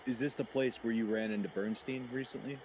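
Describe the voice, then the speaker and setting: A man bantering casually as a podcast co-host, joking and slipping into loud mock impressions. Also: mid-range voice, fairly even intonation, fairly quick, poor audio. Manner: jokey, slips into loud impressions.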